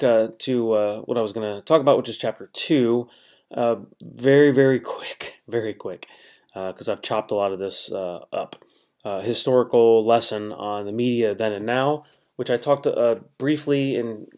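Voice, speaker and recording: A middle-aged man from the United States gives a recorded lesson to his students. His voice sits on the low side, and he talks in a loose, rambling way full of fillers and restarts. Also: a little mellow. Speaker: teacher. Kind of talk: recorded online lecture.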